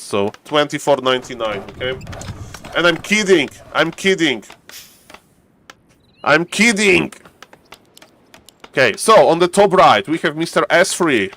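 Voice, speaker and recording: A man with a non-native English accent giving casual, joking live-stream commentary on a strategy game, getting loud and excited at key plays. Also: medium pitch. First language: not English. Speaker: game caster.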